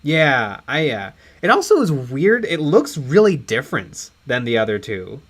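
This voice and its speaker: A man's voice: medium pitch, huge pitch swings, unhurried. A man co-hosting a late-night painting stream, chatting casually and telling rambling stories. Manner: rambling storyteller, acts out voices. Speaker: stream co-host. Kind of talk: casual chat while painting miniatures.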